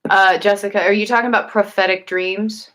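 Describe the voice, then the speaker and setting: A woman who hosts a casual livestream and reads tarot chats with her viewers, answering their questions. Her voice is medium in pitch, a bit bright, and fairly quick, with a mostly even intonation. She talks earnestly but rambles, full of fillers and restarts.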